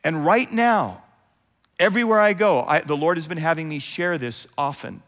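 Male pastor, sermon delivery, animated with acted-out asides, slightly high voice, long church-hall reverb. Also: moderate pace. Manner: animated, acts out quoted voices, swings from loud to hushed.

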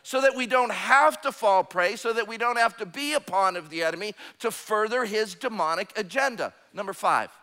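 A man's voice: sits high, normal speed, hardly any pauses, bright, forceful tone. A man preaching a sermon as pastor, emphatic and calling for amens. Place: church sanctuary. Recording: long hall reverb.

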